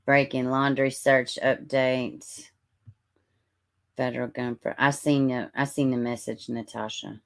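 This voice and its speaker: Southern woman, low voice, chatty livestream host who calls viewers honey. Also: measured pace, creaky. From Middle Tennessee, US. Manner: chatty, drawling, greets viewers as honey and baby. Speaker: true-crime livestream host. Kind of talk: casual livestream chat reading comments.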